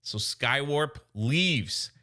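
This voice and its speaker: A man casually recaps comic book stories, excited and chatty, paraphrasing the characters along the way. His voice is medium in pitch, and he speaks extremely slowly.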